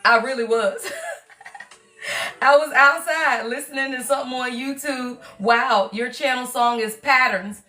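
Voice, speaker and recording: A woman, hosting a casual live stream as a tarot reader, her voice strained and hoarse, chatty and playful with her viewers. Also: high-pitched, measured pace, sharp tone, soft background music, low-quality recording.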